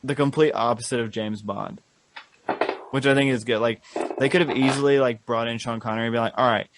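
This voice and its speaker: A man's voice: mid-range voice, fairly even intonation, a little fast, background noise. A man co-hosting a podcast in casual chat, talking eagerly with lots of "like" and "um". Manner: enthusiastic, rambling, many fillers. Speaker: podcast co-host.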